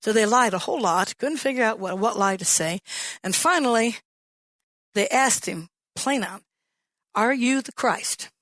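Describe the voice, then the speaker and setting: A woman pastor delivers a sermon in a mid-pitched voice, swinging between loud, bright acted-out lines and hushed, low emphasis. The sound is dry and close, with no room echo. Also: moderate pace. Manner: animated storytelling, acts out quoted voices.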